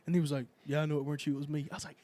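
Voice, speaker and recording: A man's voice: a little high, level tone, rapid-fire. Young man telling rowdy stories. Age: young adult. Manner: profane storytelling, loud acted quotes. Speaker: podcast host. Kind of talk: casual chat.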